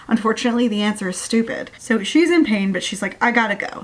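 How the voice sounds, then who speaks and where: Sarcastic woman ranting about a book. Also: mid-range voice. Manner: sarcastic, exasperated, swears freely; reads passages aloud and mimics characters in quick asides. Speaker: book reviewer.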